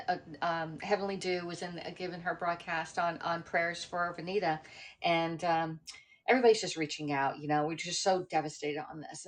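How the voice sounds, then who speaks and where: Middle-aged woman host, slightly low voice, loose chatty livestream delivery with lots of ums and restarts. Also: fairly bright tone. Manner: rambling, chatty, with many fillers and restarts. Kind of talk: casual livestream chat.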